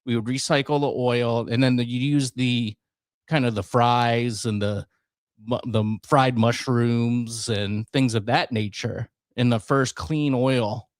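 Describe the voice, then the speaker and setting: A man, chatting casually as co-host of a talk show. He tells stories in an easy, animated way and laughs often. His voice sits at a middle pitch, and the sound is dry and close. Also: measured pace, no room sound. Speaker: podcast co-host. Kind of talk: casual chat.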